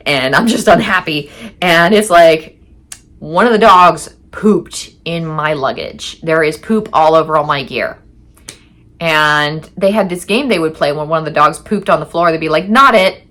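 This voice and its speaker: A woman with a low, deep speaking voice tells a personal story, chatty and candid. She acts out her own past lines and curses now and then. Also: fairly bright tone. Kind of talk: casual first-person storytelling.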